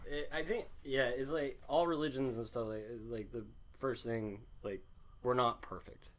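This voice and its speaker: A man's voice: mid-range voice, steady tone, normal speed, a bit bright. A man hosting a podcast, chatting in a loose, laid-back way with lots of fillers. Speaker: podcast host. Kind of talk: casual chat.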